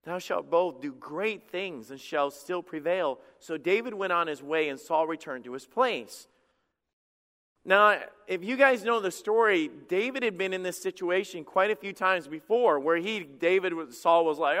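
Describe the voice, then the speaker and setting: Male pastor, high pitched, animated sermon delivery with stumbling restarts, big echoing sanctuary. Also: moderate pace. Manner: animated preaching with acted quotes and repeated stammered restarts.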